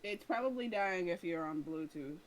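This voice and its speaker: Excitable player on a voice call. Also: mid-range voice, moderate pace, slight background noise, poor audio. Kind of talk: casual chat at a tabletop game. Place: online voice call.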